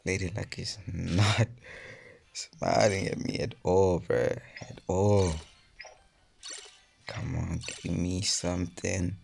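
Low gravelly young man ranting over a game. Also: flat delivery, takes it slowly, pauses often, a little mellow, slight background noise. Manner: frustrated, swears a lot, drops to whispers. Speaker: mobile game YouTuber. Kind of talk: casual gaming vlog commentary.

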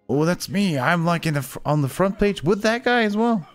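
A man playing a game for a video, joking sarcastically and jumping into sudden loud, high yelps. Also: sing-song, moderate pace, few pauses, faint music behind. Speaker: gaming YouTuber. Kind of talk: let's play commentary.

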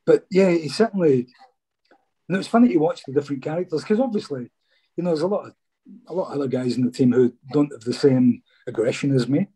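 A man's voice: fairly high pitch, expressive, fast, mellow, husky. A middle-aged man from Scotland, a former footballer chatting casually in an interview and peppering his stories with "mate".

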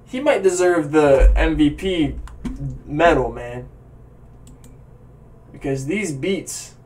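A hyped-up man chatting through a music reaction, rambling and self-correcting as he goes. He talks slowly with a slightly raised pitch, heard from some distance on webcam audio in a room at home. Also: lively intonation, darkish tone. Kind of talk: casual reaction chat.

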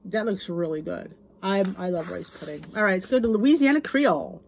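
A woman with a husky, slightly breathy voice chats casually through a cookbook on her channel. She reads recipe names aloud and gushes over the dishes, sometimes dropping to a whisper. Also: medium pitch, animated, moderate pace. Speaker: cooking channel host reviewing a cookbook. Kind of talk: casual chat.

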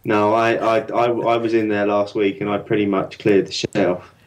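A man's voice: on the low side, flat delivery, normal speed, poor audio. A man co-hosting a casual podcast chat about beer, chatty and prone to repeating words as he goes. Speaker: podcast co-host.

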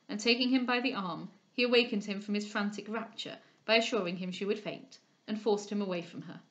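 A woman reading a classic novel aloud as an audiobook reader, with expressive, measured storytelling. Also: medium pitch, dull audio.

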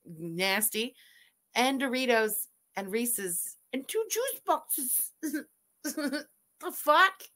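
A woman streamer giving loud, animated, swearing reaction commentary while watching a video, laughing often. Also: high-pitched, extremely slow. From Canada.

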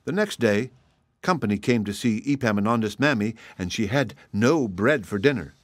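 A man's voice: lowish voice, animated, moderate pace, no room sound. Man reading a children's story.

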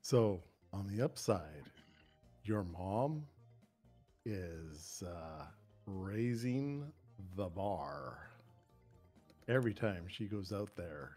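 A man's voice: low voice, animated, very slow, pauses often, mellow, soft background music. A man giving an improvised comic talk with a mock-grand, storytelling manner. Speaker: improv game player.

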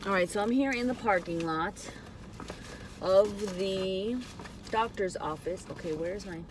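This woman's mid-range voice moves a little slowly as she vlogs from her parked car in a parking lot. It's a casual confession, and she's emotional, near tears, hesitant, rambling, trailing away. Slight hiss or hum is audible.

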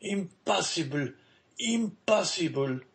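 A stunned, aging merchant father, as a male audiobook reader plays him, halting and bewildered. His voice sits somewhat above the reader's own and is pushed with mounting strain. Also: medium pitch, vocal fry, voice pushed up. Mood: incredulous. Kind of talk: audiobook character reading.

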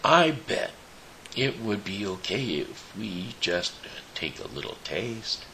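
Hansel, a scared little boy in a fairy tale, read by a man. The voice is lifted a bit higher than the reader's own, soft and fearful, with a gravelly texture underneath. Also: sing-song, takes it slowly, slight background noise, full character voice, low-quality recording. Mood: eager. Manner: whispering in fear.

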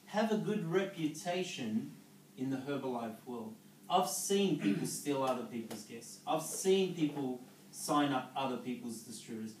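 Expressive and a little mellow, this mid-range male voice moves at normal speed through a motivational business talk. A network marketing speaker, he coaches his audience and checks in with "okay?" and "yeah?". The recording is echoey and distant, with slight background noise.

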